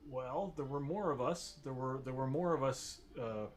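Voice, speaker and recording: A man's voice: medium pitch, close to an everyday voice. Man playing a frightened servant, stammering, rambling, faint hiss. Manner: halting, stammering, repeats himself.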